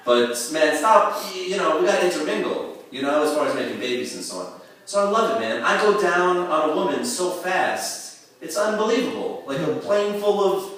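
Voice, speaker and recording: A man in his thirties doing a stand-up set at a comedy club, rambling and crude, with halting fillers and self-mocking asides. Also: a little high, lively intonation, a bit bright, distant mic. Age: 30s. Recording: echoey room heard from afar.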